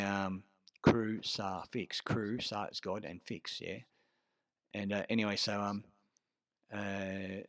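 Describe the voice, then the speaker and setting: An Australian man telling a rambling story in a casual monologue, swearing often and pausing on fillers. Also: fairly low pitch, fairly bright tone, dry recording. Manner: rambling and profane, full of filler words. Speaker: vlogger.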